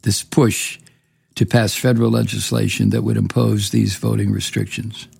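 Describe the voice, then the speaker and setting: Gravelly guy hosting a talk show, cussing and sneering, dry sound, faint music. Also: fairly low pitch, flat delivery, moderate pace, darkish tone, no echo. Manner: profane, sneering, indignant. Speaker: radio talk host. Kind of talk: angry political commentary.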